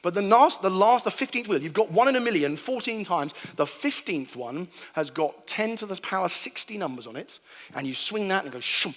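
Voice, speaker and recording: A man's voice: sits high, lively intonation, a little fast, fairly bright tone, long reverb tail. A man giving a humorous sermon to a live audience, acting out sounds and voices as he tells stories. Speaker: preacher giving a talk. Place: large hall before an audience.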